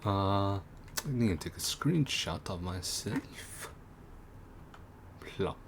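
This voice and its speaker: A man's voice: on the low side, lively intonation, slow, slight background noise. A man giving casual, rambling commentary while playing a video game, with lots of fillers and restarts. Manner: rambling, full of fillers and self-corrections. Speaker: gaming video creator. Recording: game music playing underneath.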